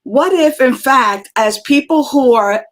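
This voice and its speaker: Woman, spiritual talk host, unhurried, slightly high-pitched, reflective, fillers and restarts. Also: animated. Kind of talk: live-stream talk, reading chat comments.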